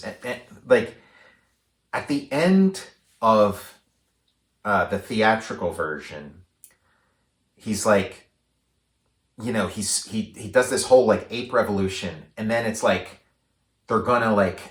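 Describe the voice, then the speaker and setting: A man co-hosting a podcast, chatting casually about a movie, rambling with lots of likes and restarts. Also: fairly low pitch. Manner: rambling, many likes and restarts, animated when paraphrasing. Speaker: podcast co-host. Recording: roomy echo.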